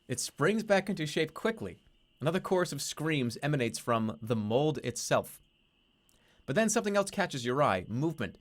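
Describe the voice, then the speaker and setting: A man streaming a text adventure, reading its narration aloud and breaking off into playful, swearing commentary. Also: fairly high pitch. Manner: playful, swears casually, laughs at himself.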